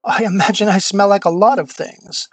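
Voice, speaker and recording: A player speaking in character in a tabletop game, measured and hesitant with evasive answers. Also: mid-range voice, steady tone, dry recording, low-quality recording. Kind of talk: in-character tabletop role-play.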